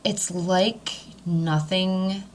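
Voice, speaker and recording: Low-voiced woman chatting, faint hiss. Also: steady tone, extremely slow. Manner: talkative, with many fillers and laughs. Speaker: podcast co-host. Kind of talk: casual chat.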